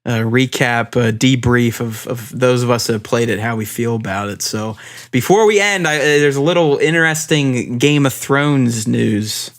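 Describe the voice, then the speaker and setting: A man's voice: medium pitch, normal speed. Male co-host, mid voice, laid-back, leads topics. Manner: easygoing, leads topics, swears casually. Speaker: podcast co-host. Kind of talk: casual chat.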